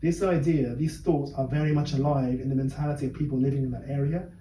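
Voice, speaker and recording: A man originally from Bangladesh speaking in a casual chat, earnest and measured as he tells a personal story. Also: medium pitch, steady tone, dark tone. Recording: echoey room, mic at a distance, faint noise.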